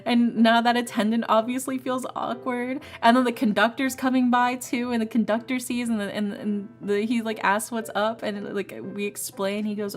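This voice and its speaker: A young woman streamer chatting casually, telling a rambling, animated story with frequent restarts and laughs. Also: a little high, normal speed, few pauses, soft background music. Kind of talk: casual storytelling while playing a game.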